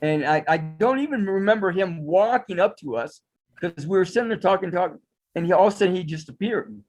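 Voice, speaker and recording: A man's voice: high-pitched, animated, fairly quick, a little mellow. A man, a psychic astrologer, telling his story as a guest in a casual interview, in a meandering way.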